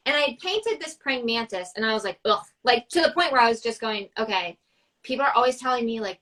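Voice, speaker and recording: A woman artist and coach chatting on a video call, telling lively stories and acting out the people in them. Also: sits high, poor audio. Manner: animated storyteller, acts out quotes. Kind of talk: casual conversation.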